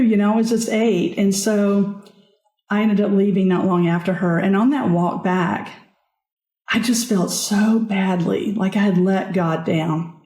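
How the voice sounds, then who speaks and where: A woman guest on a podcast, telling her own story in an earnest, halting way with frequent restarts. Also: medium pitch, fairly even intonation, a little mellow. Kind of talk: candid personal storytelling. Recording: echoey room.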